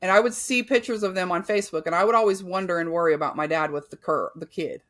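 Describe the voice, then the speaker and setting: A woman's voice: on the low side, fast. A woman guest on a podcast, telling a painful personal story candidly and bluntly, with frequent swearing and filler words.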